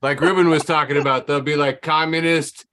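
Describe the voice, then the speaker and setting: A man's voice: fairly high pitch, steady tone, fairly quick, noisy background. A man with a neutral Midwestern American accent, a comedian bantering dryly on a video call. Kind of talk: casual banter.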